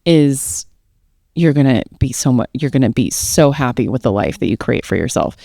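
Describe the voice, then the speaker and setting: A woman's voice: extremely low pitch, lively intonation, moderate pace, vocal fry, warm tone, no echo, studio quality. A woman talking casually in a podcast conversation, blunt and emphatic, coaching with freely dropped swear words. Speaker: guest, tarot reader.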